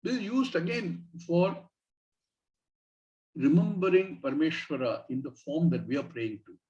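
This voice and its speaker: A fairly high-voiced man lectures on scripture to a class. He speaks in a measured way, stopping to recite Sanskrit syllables, and the recording sounds dull and lo-fi. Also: darkish tone, distant mic. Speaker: Vedanta teacher.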